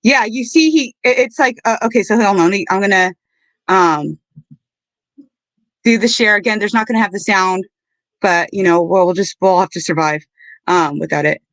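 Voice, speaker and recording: Earnest, halting woman streamer. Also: mid-range voice, dry recording. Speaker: livestream host. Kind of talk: casual livestream commentary.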